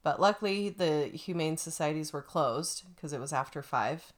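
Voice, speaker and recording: A woman telling a story in a casual chat, animated and acting out the quotes. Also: low voice, moderate pace.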